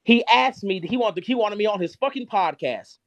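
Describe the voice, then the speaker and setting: A man hosting a live stream, ranting angrily and cursing constantly, his loudness jumping up and down. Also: high-pitched, animated, normal speed, dry recording, dull audio. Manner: heated, profane, cursing constantly; shifts abruptly between loud and quiet. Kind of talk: angry rant on a live stream.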